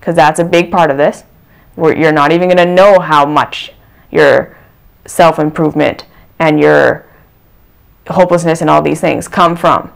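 Smooth-voiced earnest self-help vlogger. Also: medium pitch, fairly even intonation, measured pace, long pauses. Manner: earnest, repeats phrases for emphasis. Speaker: channel host. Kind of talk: reflective self-help talk.

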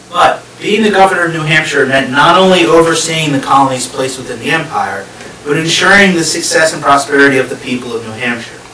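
The speaker is a man and guest lecturer whose voice runs on the high side, pushed and bright. Before a live audience he gives a public history lecture, explaining in stages and asking the listeners questions. Expect echo, a far-off mic, and faint hiss.

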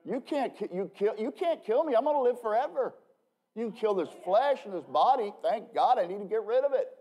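A man's voice: high voice, animated, a little fast, warm tone, breathy edge. A man who is a pastor, preaching a casual evening sermon in a joking, rambling way, with emphatic bursts and frequent restarts. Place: church.

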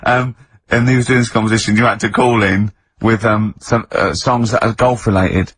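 A man's voice: on the low side, steady tone, moderate pace, a bit bright, slightly rough, no room sound. A man hosting a radio show in casual banter, joking and laughing often. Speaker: radio host.

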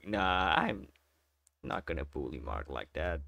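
A man's voice: a bass voice, huge pitch swings, measured pace, vocal fry. A man giving casual gameplay commentary as a channel host, joking and teasing playfully.

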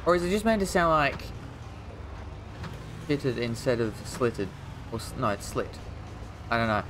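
A man's voice: medium pitch, big pitch swings, a little slow, pauses often, a bit bright, slight background noise. A man casually talking through a video game as he plays, rambling and mocking himself, now and then yelping at what happens on screen. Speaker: gaming streamer. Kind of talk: casual gameplay commentary.

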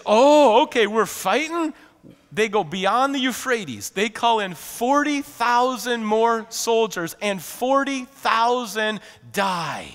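A man preaching a sermon as pastor, animated and conversational, often laughing and acting out quotes. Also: high-pitched, big-room sound. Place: church sanctuary.

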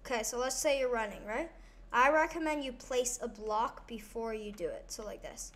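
A woman's voice: fairly high pitch, fairly even intonation, normal speed, slight background noise. A woman hosting a casual gameplay tutorial, talking over her play in a rambling way with many fillers and restarts. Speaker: gaming channel host.

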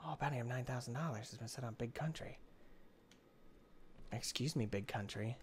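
A young man talks his way through a video game at a middle pitch, swinging from mutters to yelps as he trash-talks his friend. His commentary is casual, excitable and full of mock-drama. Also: a little fast, slight background noise. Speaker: gaming video host.

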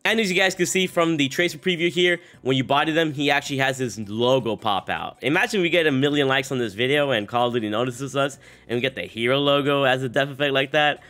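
A young man narrates a gaming video in a casual, upbeat way despite a sick voice. He rambles a little, with frequent fillers and restarts. His pitch sits in the middle range for a man. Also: fast talker, few pauses, a bit bright, faint music behind. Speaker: gaming YouTuber.

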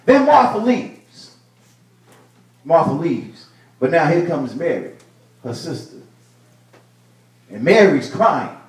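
A male pastor preaching a sermon, building to loud bursts and repeating his phrases. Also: fairly high pitch, big pitch swings, takes it slowly, long pauses. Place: church sanctuary. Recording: echoey church room, mic at a distance.

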